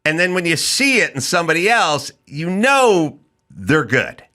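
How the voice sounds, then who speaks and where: A middle-aged podcast host with a fairly high voice and measured pace tells stories casually on his talk show in interview-style chat. He's animated, often acting out quotes in mocking voices.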